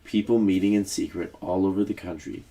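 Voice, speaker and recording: A man reads a children's book aloud, steady and measured. His voice is very low and stays grounded throughout. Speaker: teacher reading aloud.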